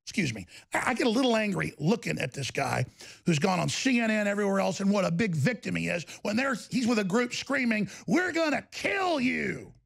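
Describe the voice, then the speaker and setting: A male host delivering an angry political commentary, ranting with heavy sarcasm. His voice sits high and has a gravelly, fried edge. He talks in heated bursts. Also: lively intonation, quick pace. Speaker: show host.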